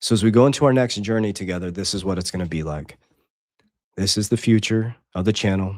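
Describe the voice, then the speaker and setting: A man's voice: lowish voice, fast, no echo. A man hosting a casual livestream, talking intensely and preachily, reading Bible verses and chat comments aloud. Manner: intense, preachy, swings between loud and quiet. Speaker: livestream host.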